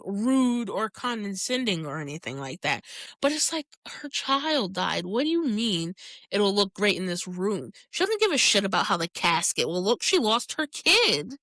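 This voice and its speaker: A woman's voice: mid-range voice, dry recording, studio quality. A woman hosting a podcast, chatting casually as she recaps a TV episode in a candid, profane way and laughing often. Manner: candid and profane, frequent laughter, animated reactions. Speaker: podcast host.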